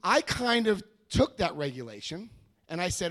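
A man giving a personal testimony at a recovery meeting, telling his story with animated energy and acting out what people said. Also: high-pitched, normal speed. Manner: animated storytelling, acts out quoted voices. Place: meeting room before a live audience.

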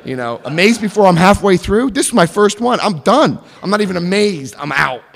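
A man telling a personal story in an animated way, acting out the voices of others. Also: sits high, brisk, vocal fry, long reverb tail.

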